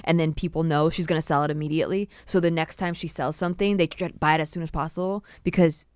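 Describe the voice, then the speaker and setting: Young woman host, casual, explains points and laughs a lot; lowish voice. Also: fairly even intonation, fast, darkish tone, clean tone, no room sound, studio quality. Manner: explains list items, laughs easily. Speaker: podcast host. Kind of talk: casual chat.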